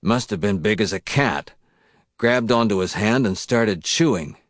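A man reading the part of a blunt mill worker telling a story in rough, folksy slang. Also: on the low side, animated, measured pace, no room sound, clean studio sound.

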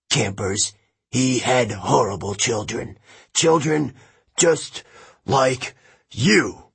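A cruel and sneering ancient king talks down to a crowd of children, as a man narrating an audiobook puts him on. The voice is husky and rough, and it moves at a slow, deliberate crawl. His manner is menacing, like a villain telling a ghost story. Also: mid-range voice, heavily acted. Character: cruel, scornful ancient male king turned camp director.

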